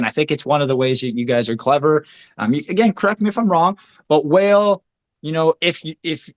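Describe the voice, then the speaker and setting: A man hosting a casual talk, rambling with many fillers as he talks it through. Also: fairly high pitch. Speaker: host. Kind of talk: casual chat.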